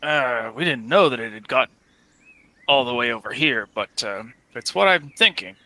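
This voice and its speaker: A man voicing a weathered male mercenary in a tabletop role-play, talking in a halting, folksy way with many pauses. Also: medium pitch, expressive, sharp tone, no room sound. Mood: musing. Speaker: game master voicing a character.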